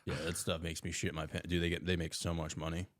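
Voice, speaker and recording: Very deep-voiced young man, crude casual talk. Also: little pitch movement, fast, fairly bright tone, no echo, studio quality. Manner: loose, profane, says "dude" constantly. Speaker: podcast guest. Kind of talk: casual chat.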